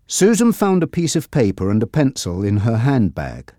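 A narrator reading a simple storybook in a clear, measured way. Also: medium pitch, wildly swooping pitch, mellow, no echo, studio quality. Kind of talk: graded-reader audiobook narration.

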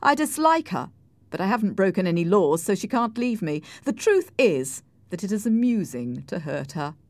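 A woman voicing Heathcliff, a passionate, cruel young man, in a forceful, emphatic way. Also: medium pitch, big pitch swings, moderate pace, no echo, voice pushed up. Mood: intense.

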